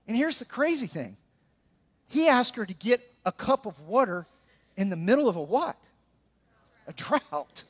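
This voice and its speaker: An Alabama pastor with an extremely high-pitched voice preaches in an animated style, breaking off now and then for jokes directed at his congregation.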